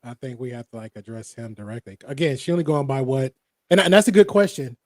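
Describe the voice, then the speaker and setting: A man's voice: medium pitch, quick pace, darkish tone, no echo, clean studio sound. A man co-hosting a casual podcast discussion, laid-back and slangy, speaking straight to the listeners. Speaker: podcast co-host.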